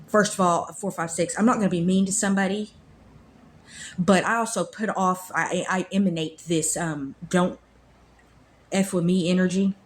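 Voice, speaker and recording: A woman's voice: on the low side, steady tone, moderate pace, slight background noise. A woman, earnestly telling a personal faith story in a rambling way, repeating her phrases. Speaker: vlogger sharing a faith testimony.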